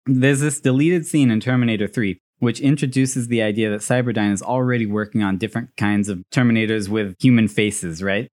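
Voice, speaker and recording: A man's voice: fairly low pitch, a little fast, darkish tone. A man co-hosting a casual movie discussion, laughing often and joking as he talks. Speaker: podcast co-host.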